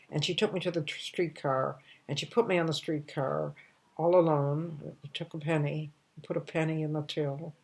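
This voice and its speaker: A woman in her eighties telling a personal story at home, in a halting way with restarts and soft trailing phrases. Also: low-pitched, creaky, breathy edge. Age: 80s. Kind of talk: casual storytelling monologue.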